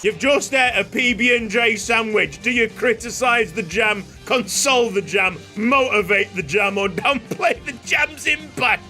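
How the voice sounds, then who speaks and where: A man hosting a video game series, commentating in an excitable, jokey way with frequent shouts and laughs. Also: very high voice, a little slow, hardly any pauses, faint music behind. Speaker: YouTube gaming host.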